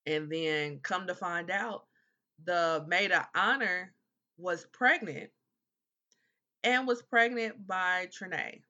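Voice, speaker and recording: Slow, easygoing man on a lo-fi mic. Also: high voice, pushed and bright. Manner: laid-back, agreeing with frequent "right", long recaps. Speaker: podcast co-host. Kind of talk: casual chat. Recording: slightly dull, lo-fi sound.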